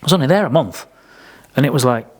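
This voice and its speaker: A man with a mid-range voice and lively intonation talks at a quick pace in a casual podcast conversation. His stories are blunt and sweary, with quotes acted out.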